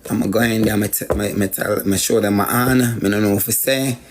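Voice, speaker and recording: A man's voice: fairly low pitch, steady tone, brisk, background noise. A man with a Jamaican accent tells a personal story as a guest, repeating phrases for emphasis. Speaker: guest sharing life story.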